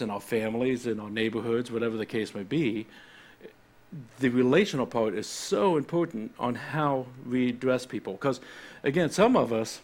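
A man delivering a sermon in a relaxed, conversational way, talking through scripture and stopping often to explain it. His delivery is animated and off the cuff, and he restarts his sentences often. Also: medium pitch. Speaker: pastor.

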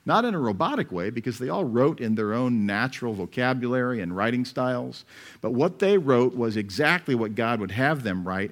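Conversational male pastor preaching. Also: medium pitch. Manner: conversational preaching with rhetorical questions and asides. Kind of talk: expository sermon.

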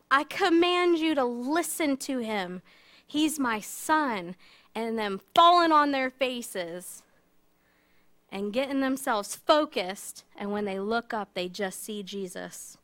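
Chatty woman teaching a Bible story. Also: medium pitch. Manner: chatty, animated, many fillers. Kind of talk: casual Bible storytelling lesson.

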